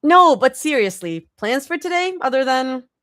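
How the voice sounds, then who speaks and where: Brief: high, playful teasing young woman, as a woman reader puts her on. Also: sing-song, normal speed, fairly bright tone, dry recording, clean studio sound.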